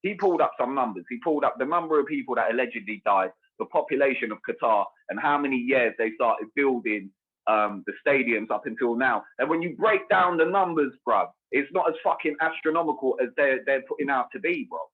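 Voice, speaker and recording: A man's voice: medium pitch, lively intonation, a little fast, husky. A man, co-hosting a casual podcast chat, ranting with heavy swearing and constant "bro" and "bruv". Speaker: podcast co-host. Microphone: remote call. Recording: tinny phone-like call audio.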